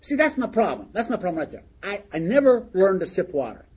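In a meeting hall, an older man at a recovery meeting laughs along while telling a humorous story from his own life in a folksy manner. His high-pitched voice is sing-song, brisk and darkish in tone. The recording is dull and lo-fi with a faint hiss.

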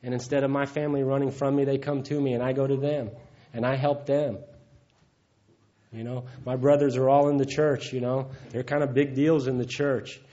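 A man's voice: mid-range voice, flat delivery, moderate pace, dark tone. A man gives a heartfelt, folksy personal testimony at a recovery meeting, often chuckling. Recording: dull lo-fi recording.

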